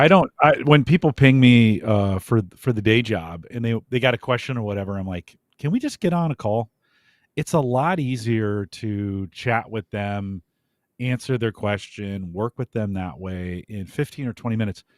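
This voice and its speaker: A man co-hosting a casual podcast chat, agreeable and telling quick anecdotes. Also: fairly low pitch, dry recording, clean studio sound.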